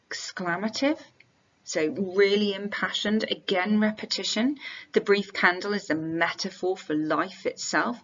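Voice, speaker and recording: A woman teaching a revision lesson and walking the listener through quoted lines. Her voice has a gravelly, creaky edge. The recording sounds a little dull and lo-fi. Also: mid-range voice, a bit bright. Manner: explanatory, reads quotations aloud. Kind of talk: exam revision tutorial.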